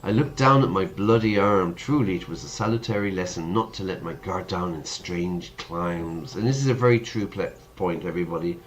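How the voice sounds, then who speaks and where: A man's voice: deep voice, moderate pace, hardly any pauses, a little hiss or hum. A man, an English teacher reading a story game aloud, breaking off to explain words and crack jokes. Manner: chatty, jokey asides between read lines.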